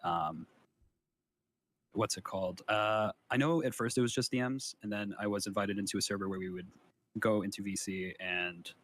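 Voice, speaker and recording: A low-voiced man answers interview questions from memory. He hesitates often and fills his answers with ums and restarts. He keeps correcting himself as he goes. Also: fairly even intonation, normal speed, fairly bright tone. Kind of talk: recalled account in an interview.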